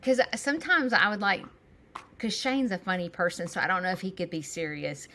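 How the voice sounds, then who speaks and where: Co-hosting a casual podcast over a video call, a woman in her thirties talks in animated, rambling bursts and laughs as she goes. Her mid-range voice is bright, forward and brisk, with a little hiss or hum on the line.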